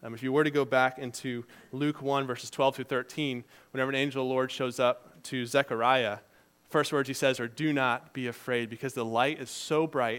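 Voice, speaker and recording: A man preaching a sermon in a conversational, storytelling way, moving between loud emphasis and quiet asides. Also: medium pitch, smooth. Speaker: preacher and teacher.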